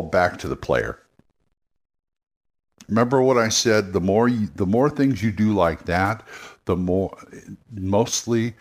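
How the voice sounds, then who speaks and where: Man, podcast host, casual rambling talk, low pitch, animated. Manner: rambling, with frequent restarts. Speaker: podcast host, game master.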